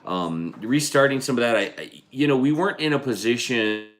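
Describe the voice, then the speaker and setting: A man co-hosting a casual homestead vlog livestream, talking in an easygoing, halting way with many restarts. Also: medium pitch, expressive. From United States. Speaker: vlog co-host.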